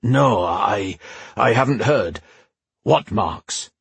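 A man's voice: lowish voice, animated, extremely slow, gravelly, breathy edge, dry recording, heavily acted. A male narrator voicing an enormous, good-natured man who speaks in a dry, understated way. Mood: uneasy. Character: huge, good-natured, wry male villager.

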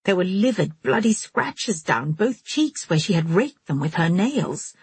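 Audiobook reader, husky low female voice, dry close mic. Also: measured pace, no room sound. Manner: steady, storytelling first-person. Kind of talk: audiobook narration.

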